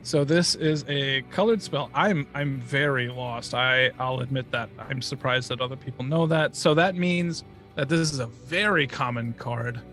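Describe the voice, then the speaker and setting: A man's voice: mid-range voice, moderate pace, fairly bright tone, faint music behind. A man co-hosting a podcast in casual chat, joking and hesitant while he guesses. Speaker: podcast co-host.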